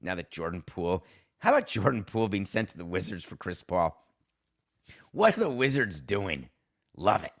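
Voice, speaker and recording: A man hosting a sports podcast, delivering a sarcastic, animated, worked-up opinion monologue. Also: low-pitched, moderate pace. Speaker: podcast host.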